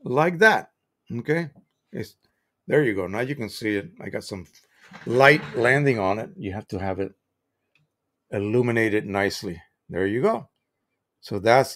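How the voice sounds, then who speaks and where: An American man hosting a live stream, explaining printing in a chatty, casual way with examples and restarts. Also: mid-range voice.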